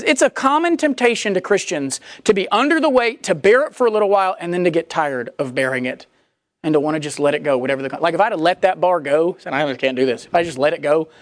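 A woman preaching a sermon in a conversational, animated way, acting out the voices she quotes. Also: lowish voice, no room sound.

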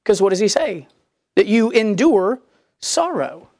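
A woman preaching a sermon in a conversational, animated way, acting out the voices she quotes. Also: mid-range voice, a little slow, no echo, clean studio sound.

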